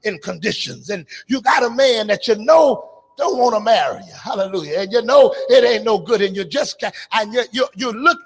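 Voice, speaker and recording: Fervent male preacher, high gravelly voice, church hall reverb, shouts and half-sings. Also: moderate pace. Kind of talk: call-and-response church sermon. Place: church sanctuary.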